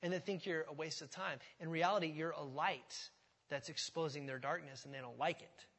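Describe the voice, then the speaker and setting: A man's voice: fairly high pitch, fairly even intonation, a little fast, a bit bright. A man preaching a sermon in a church, speaking conversationally and putting questions to the congregation. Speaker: pastor. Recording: hall reverb.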